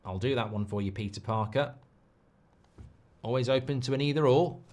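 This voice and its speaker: A man hosting a live football watchalong stream at a mid-range pitch. He chats loosely, and reads viewer messages aloud between thoughts on the game. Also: moderate pace, darkish tone. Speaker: football livestream host. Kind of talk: casual football watchalong chat.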